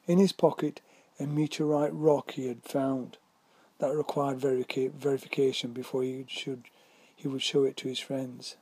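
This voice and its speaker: A man reads a whimsical story aloud at a measured pace. His voice is mellow and dark with a husky edge. The recording is close and dry. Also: mid-range voice, no echo. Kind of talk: scripted story narration.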